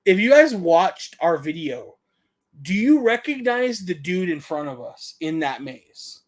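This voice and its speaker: Guy co-hosting a stream, chill and slangy, a bit high voice. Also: very animated, a little slow. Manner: laid-back, says "dude" and "dope". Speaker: podcast co-host. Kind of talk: casual live-stream chat.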